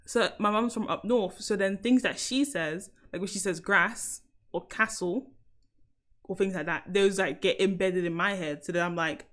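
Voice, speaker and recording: A woman's voice: medium pitch, normal speed, a bit bright. A young woman from South London with a London accent, chatting casually on a live stream and laughing often. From South London, England.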